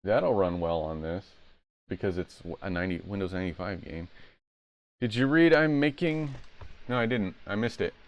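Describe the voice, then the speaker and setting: A man's voice: deep voice, normal speed, dry recording, lo-fi sound. A man live-streaming retro games, chatting casually and rambling as he plays at home. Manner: rambling, self-correcting.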